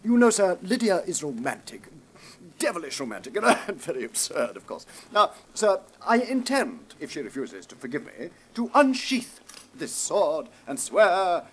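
Give me a stammering young officer, fairly high and animated. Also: male voice, a little slow, husky, exaggerated voice. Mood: flustered. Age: young adult. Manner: stammering, flustered. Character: evasive young officer son, stammering excuses. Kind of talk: stage play audio recording.

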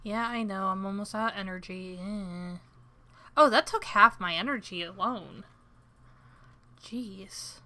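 A woman comments on her own gameplay in a loose, chatty way and pokes fun at herself. Her voice is bright and forward, with a middle pitch. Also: measured pace, long pauses. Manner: chatty and self-deprecating. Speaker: game streamer. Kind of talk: let's-play commentary.

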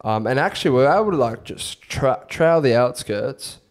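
A man's voice: mid-range voice, expressive, normal speed. A young man, co-hosting a podcast, telling stories in a laid-back, slangy casual chat. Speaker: podcast co-host.

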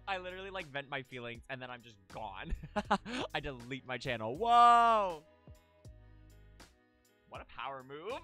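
Goofy, giggly live streamer with a bright, lively voice over faint background music. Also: mid-range voice, a little slow. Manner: giggly and goofy, repeating silly words. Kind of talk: casual live-stream chat.

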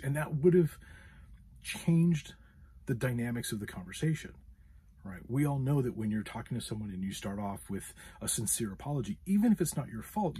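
A man's voice: medium pitch, a little mellow, husky. A man hosting a podcast, telling a frustrated story in a casual monologue with many fillers. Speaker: podcast host.

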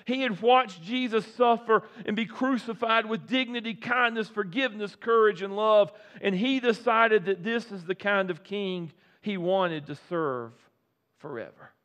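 A middle-aged male pastor preaching a sermon, deliberate, with repeated phrases and dramatic pauses. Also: sits high, a bit bright.

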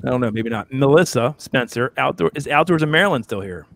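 A man's voice: mid-range voice, expressive, fast talker, gravelly, a bit bright, a little hiss or hum. Flustered man co-hosting a casual stream. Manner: flustered, joking, reads names off a list. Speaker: co-host. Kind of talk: casual livestream chat.

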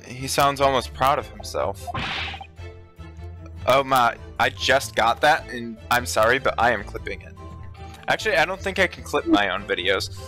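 A man hosting a let's play, reading game dialogue and joking around with friends in a casual, animated way. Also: medium pitch, normal speed, soft background music. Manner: animated, joking, puts on mock accents.

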